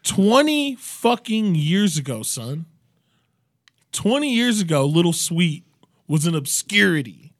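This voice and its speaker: A man in his thirties cohosting a podcast, talking in fast, crude, profane riffs. His pitch swings widely as he jokes, and the sound is close and dry with no room echo. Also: big pitch swings. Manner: crude, fast riffing, frequent swearing. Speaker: podcast co-host. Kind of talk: casual comedic chat.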